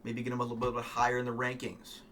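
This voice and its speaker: Bright-voiced opinionated fight-fan guy. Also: medium pitch, monotone, quick pace, slight background noise. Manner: rambling, opinionated, swears, frequent ums. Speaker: MMA fan vlogger. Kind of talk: casual fight commentary.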